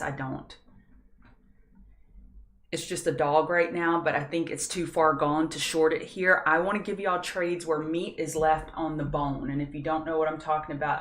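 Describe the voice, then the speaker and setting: A woman's voice: sits low, a bit bright. A woman hosting a live trading stream, chatty and self-deprecating with scattered asides. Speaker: trading show host. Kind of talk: live market analysis stream.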